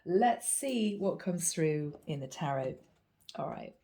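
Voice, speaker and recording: Gravelly-voiced woman reading tarot. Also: deep voice, slow. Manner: chatty, animated storytelling. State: gravelly from a cold. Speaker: tarot reader. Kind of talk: casual spoken tarot reading.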